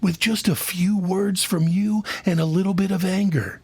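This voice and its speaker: Gravelly husky guy preaching a fake ted talk, dead serious and swearing. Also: sits high, fairly even intonation, normal speed, darkish tone, dry recording. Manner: mock-earnest, profane, preachy. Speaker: comedian, mock speaker. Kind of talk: satirical mock TED talk.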